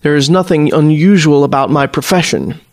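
A man's voice: on the high side, moderate pace, lightly acted. A man voicing a formal, old-fashioned male naval warlock officer who speaks in archaic phrasing. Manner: archaic, stiffly formal speech.

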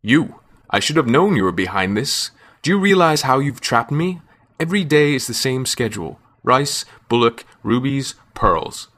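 A man voicing a loud, exasperated god. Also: fairly low pitch, sing-song, brisk, few pauses, exaggerated voice. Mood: indignant. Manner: indignant, loud complaining. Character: four-armed weary male god, exasperated.

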